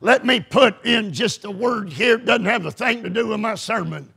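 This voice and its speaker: Male pastor, fervent folksy sermon, shouts often, husky and gravelly. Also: high voice, moderate pace.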